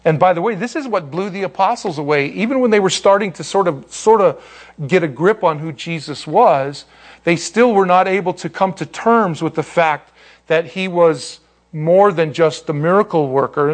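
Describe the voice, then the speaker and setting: A man teaching a Bible study to a group in a conversational, animated way, with many restarts and asides. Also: fairly high pitch.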